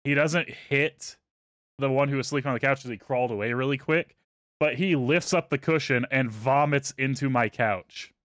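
A man tells a party story to his podcast co-hosts in a loose, easygoing way, swearing freely. His asides drop to a mutter. His voice sits at an ordinary middle pitch and is recorded close and dry. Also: normal speed, no room sound. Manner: laid-back, profane, trails off into quiet asides. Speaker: podcast host. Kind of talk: casual storytelling.

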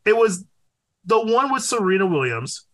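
Animated, profane male podcast co-host. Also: high voice, normal speed. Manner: animated, profane, breaks into loud exclaims. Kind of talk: casual chat.

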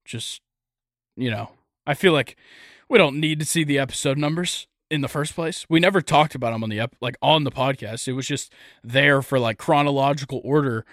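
A man's voice: mid-range voice, brisk, a bit bright, no room sound, studio quality. A young man hosting a casual sports podcast, rambling and joking with lots of fillers. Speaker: podcast host.

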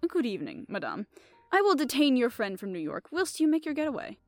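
A woman reading aloud, voicing a fussy, polite middle-aged male detective who speaks with courteous, soft reproof. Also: a little high, huge pitch swings, brisk, no echo, clean studio sound, soft background music. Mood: genteel.

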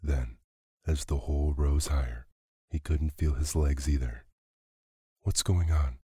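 Brief: male bedtime storyteller, very low husky voice, dry close sound. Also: fairly even intonation, a little slow, mellow, no room sound. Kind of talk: calm bedtime story narration.

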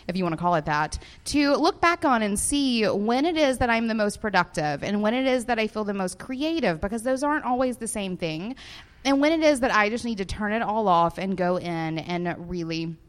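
A chatty woman with a Southern US accent co-hosting a podcast in front of a live audience. She talks in an animated, easy way and laughs often. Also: medium pitch, smooth. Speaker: podcast co-host. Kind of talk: casual podcast chat before a live audience.

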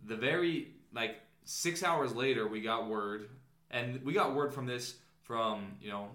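An upbeat man co-hosting a casual sports podcast, his voice bright and forceful. He talks with energy and explains things at length. The room has a noticeable echo. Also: medium pitch, unhurried. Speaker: podcast co-host.

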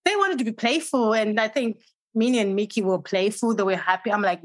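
A woman hosting a casual chat, telling her stories in an animated way and acting out her own inner voice. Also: mid-range voice, brisk, dry recording. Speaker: host.

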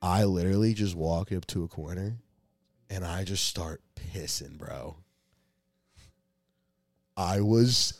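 A man's voice: sits low, slow pace, pauses often, no echo. A young man telling a long, rambling, profane story in casual podcast talk. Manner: rambling, profane, restarts often. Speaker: podcast co-host.

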